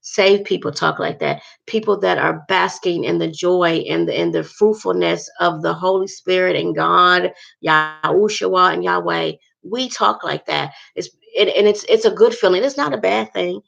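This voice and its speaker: A woman's voice: on the low side, normal speed, vocal fry, a bit bright, highs cut off. A woman vlogger talking earnestly to her viewers about faith, rambling and repeating herself.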